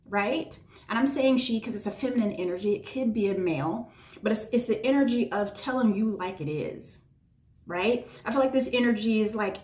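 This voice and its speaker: A woman's voice: medium pitch, normal speed, darkish tone. A woman giving a tarot reading to her viewers, talking in an effusive, emotional way and often checking in with "right?". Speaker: tarot reader. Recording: echoey room.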